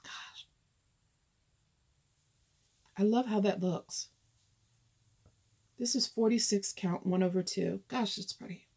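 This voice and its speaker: A woman's voice: medium pitch, measured pace, gravelly, a little mellow, slightly rough. A woman chatting casually as she shows her cross-stitch projects, thinking aloud and rambling as she goes. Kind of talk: casual show-and-tell.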